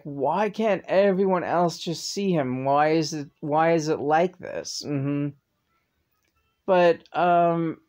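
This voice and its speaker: A woman's voice: low voice, darkish tone. A woman vlogger in casual chat, talkative, often laughing and swearing freely.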